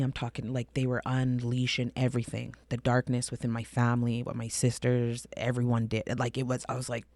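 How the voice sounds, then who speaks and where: Podcast guest, woman, middle-aged, from Canada; candid, animated storyteller, dry close sound. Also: extremely low pitch, fairly quick, hardly any pauses, no echo. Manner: emphatic, animated, drops to a hushed voice for intense moments.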